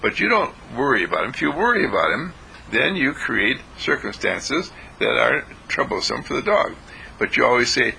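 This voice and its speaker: A man giving a short daily inspirational talk as a university dean, telling a story, often chuckling and clearing his throat. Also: medium pitch, sing-song, moderate pace, pushed and bright, slight background noise, rough recording.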